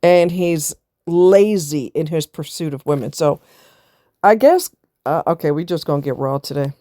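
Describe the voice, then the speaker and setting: A woman's voice: sits low, lively intonation, moderate pace, mellow, no room sound, clean studio sound. A woman vlogger giving blunt, preachy casual commentary, firing off rhetorical questions and answering them herself.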